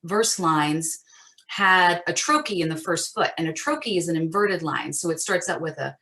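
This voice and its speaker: A woman teaching an acting master class over a video call, chatty and animated with frequent fillers. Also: deep voice, normal speed.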